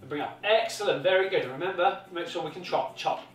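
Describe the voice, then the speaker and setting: High-voiced and a bit bright, this fast-talking British man teaches a toddler tennis in an encouraging, sing-song way, saying the same instructions again and again. Sound comes from a distant mic in an echoey room with faint music.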